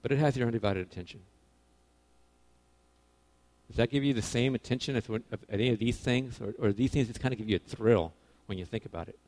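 A man preaching a casual sermon to young people, animated, swinging between loud emphasis and quiet asides, often correcting himself. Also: mid-range voice, fairly quick, pauses often. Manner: casual, self-correcting, informal phrasing.

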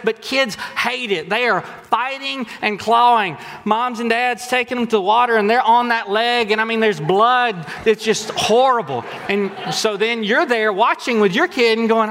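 A man's voice: very high-pitched, a little hiss or hum. A man, preaching a sermon as pastor, telling stories animatedly and acting out quotes. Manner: animated storytelling with acted-out quotes. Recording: long hall reverb.

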